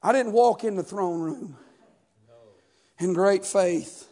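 A pastor delivers a sermon in a very high voice for a man. He preaches in a rhythmic, chanting cadence and punctuates his lines with "amen" and "uh". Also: takes it slowly, darkish tone.

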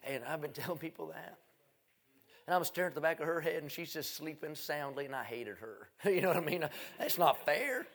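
A middle-aged man, an evangelist preaching a revival sermon in a folksy, self-mocking storytelling way, swinging from loud to hushed. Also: a little high, expressive, fairly quick.

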